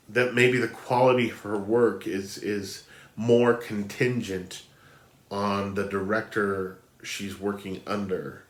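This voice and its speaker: Man, film blogger, nasal with a cold, chatty and meandering, lowish voice, roomy echo. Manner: chatty, rambling with many fillers and restarts. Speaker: film blogger ranking films. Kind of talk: casual spoken film review.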